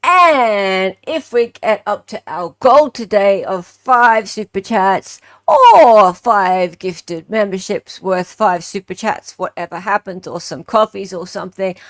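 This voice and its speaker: A woman's voice: mid-range voice, fairly bright tone, no echo, clean studio sound. An Australian woman hosting a live stream, chatting casually in a playful, joking, self-mocking way.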